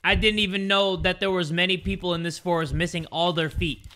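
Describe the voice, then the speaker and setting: A young man giving excitable let's play commentary on a game, breaking into shouts and yelps. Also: sits high, fairly quick, slight background noise. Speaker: gaming YouTuber.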